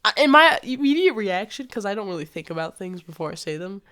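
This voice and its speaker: Animated young woman telling a story. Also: mid-range voice, fast talker. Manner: animated, swears freely, slangy, acts out quoted dialogue. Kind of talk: casual storytime vlog.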